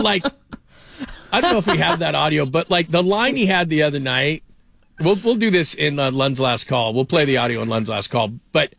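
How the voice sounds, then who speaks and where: A man's voice: on the high side, creaky, a bit bright, no room sound. A middle-aged man hosting a sports radio show, telling stories with many "like" fillers. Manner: rambling storyteller, many "like" fillers. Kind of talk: casual sports talk.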